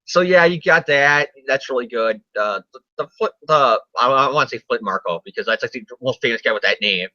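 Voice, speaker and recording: A man's voice: mid-range voice, brisk, bright, forceful tone, dry recording. A man co-hosting a casual comic review chat, rambling, jokey and swearing often. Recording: dull lo-fi sound, dry.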